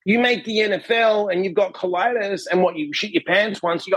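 A man with a husky, slightly higher voice recounts a story in relaxed conversation. He talks in an animated way, acting out what people said and tagging his lines with a quick question. The sound is close and dry. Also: no room sound, rough recording. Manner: animated, acts out quotes, frequent "right?" tags. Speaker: podcast guest, author and coach.

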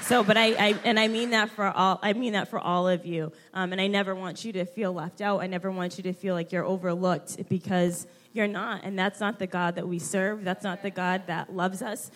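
A young woman speaking at a church gathering, heartfelt and halting as she fights back tears. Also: medium pitch, fairly even intonation, a bit bright, some chatter behind. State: close to tears. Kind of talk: emotional tribute at a church women's gathering.

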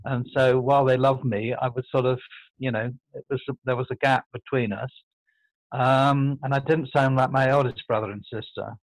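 An older man from England, with a posh southern English accent, is heard reflecting as an interview guest; he keeps stopping and restarting his sentences. His manner is thoughtful, halting, and self-correcting, his mid-range voice fairly even in intonation. There's no room sound, but the recording is rough.

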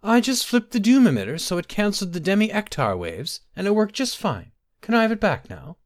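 A man voicing a young female snow elf maid, timid and nervous, in a raised, high voice. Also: huge pitch swings, moderate pace. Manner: high, timid, later hissing.

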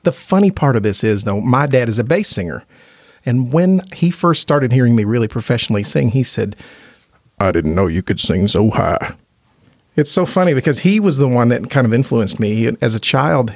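A man's voice: mid-range voice, expressive, moderate pace, a little mellow, no room sound, studio quality. A man from Indiana, a gospel quartet tenor, telling earnest, chatty stories as a podcast guest and laughing easily. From Indiana, USA. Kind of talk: casual interview storytelling.

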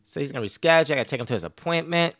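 Lively, bright-voiced man rambling casually. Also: fairly high pitch, very fast, no room sound, clean studio sound. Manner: rambling, profane, laughs often. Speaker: podcast host. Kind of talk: casual podcast monologue.

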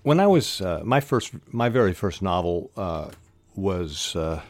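An older man talks through writing techniques in a deep, low voice. He is unhurried and restarts his sentences now and then, with an occasional filler. The sound is close and dry, with no room around it. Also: very animated, darkish tone, dry recording. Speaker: podcast host teaching fiction writing. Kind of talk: instructional talk on writing.

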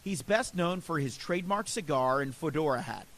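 A man's voice: a little high, animated, normal speed, a bit bright, poor audio. A middle-aged man, a podcast host, telling a personal story in an earnest, reflective and enthusiastic way.

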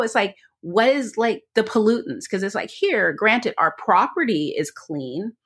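A woman's voice: medium pitch, husky. A woman co-hosting a podcast in casual chat, talking eagerly and rambling with lots of fillers. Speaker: podcast co-host.

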